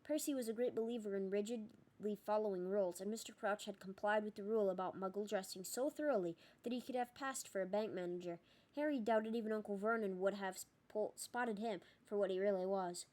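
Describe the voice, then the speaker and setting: Woman reading a story aloud, steady even narration. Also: medium pitch, a little fast. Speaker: audiobook reader. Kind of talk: audiobook narration.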